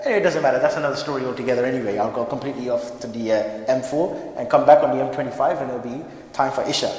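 A man giving a lively sermon in a mosque, joking with the congregation. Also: a little high. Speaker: preacher. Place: mosque hall. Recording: echoey hall reverb.

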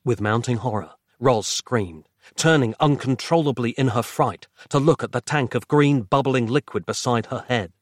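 A man reading a horror story aloud in a dramatic, measured storytelling manner. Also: medium pitch, dry recording, studio quality. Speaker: narrator. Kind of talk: scripted horror narration.

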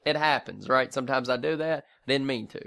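A man co-hosting a casual podcast chat, telling a lively story and swearing freely. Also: medium pitch, fairly quick, creaky, no room sound. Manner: animated storyteller, acts out voices, swears freely. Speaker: podcast co-host.

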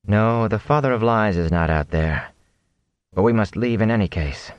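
A man's voice: lowish voice, clean tone, no room sound, lo-fi sound, voice pushed up, lightly acted. A man reading an audiobook, voicing a composed, commanding sorceress who speaks without urgency. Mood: calm. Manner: unhurried, composed.

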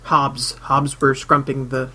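A man's voice: medium pitch, completely flat delivery, slow, sharp tone. A man co-hosting a podcast in casual chat, wry and joking. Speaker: podcast co-host.

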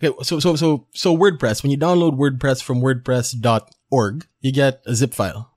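A man co-hosting a podcast, patiently explaining web software in a casual, halting way, with the odd swear word. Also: medium pitch, steady tone. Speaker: podcast co-host. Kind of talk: casual tech chat, explaining.

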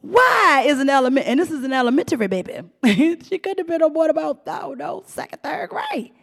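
A middle-aged woman hosting a profane, animated commentary rant, often mimicking voices and laughing. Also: sits high, fairly quick, creaky, big-room sound. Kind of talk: ranting commentary monologue.

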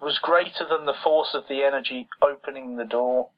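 A man's voice: mid-range voice, a little fast. A man co-hosting a casual film chat, exasperated and sarcastic, picking apart the plot and mimicking characters. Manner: exasperated, sarcastic, mocks characters in quoted voices. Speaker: podcast co-host. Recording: dull lo-fi audio.

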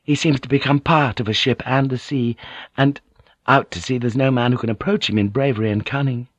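A man's voice: mid-range voice, steady tone, brisk, no echo, dull audio, voice pushed up, lightly acted. A man voicing a devout noblewoman who answers formally and politely but firmly. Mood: resolute. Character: proud, devout noblewoman, calm and resolute.

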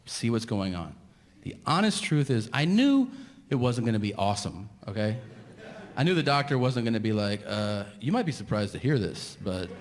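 A man's voice: mid-range voice, slight background noise. Ranting man doing stand-up in a theater. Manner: ranting storyteller, acts out both sides of dialogues. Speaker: stand-up comedian. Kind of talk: stand-up comedy set. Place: large theater stage. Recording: live venue reverb with crowd. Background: audience laughter.

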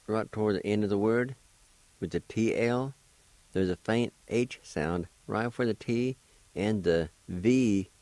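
On a radio language lesson, a man from Oklahoma in the United States patiently spells and pronounces words slowly, encouraging listeners with gentle jokes. His voice sits low, and the audio is poor but free of echo.

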